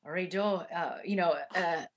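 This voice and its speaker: A woman's voice: lowish voice, unhurried, slight background noise. A woman audiobook narrator answering interview questions in a chatty way, with many fillers and restarts.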